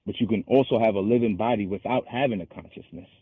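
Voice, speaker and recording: A man hosting a call-in show, arguing casually and slowing down to quote scripture. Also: fairly low pitch, no echo. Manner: argumentative, halting, restarts and slows to quote scripture. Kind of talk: casual debate. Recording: husky voice over a tinny phone-like line.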